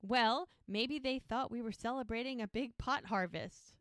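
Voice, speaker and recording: Smooth-voiced woman recapping a show. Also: on the high side, normal speed, fairly bright tone, no echo, studio quality. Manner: retells scenes, quoting characters. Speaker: podcast co-host. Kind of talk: casual episode recap.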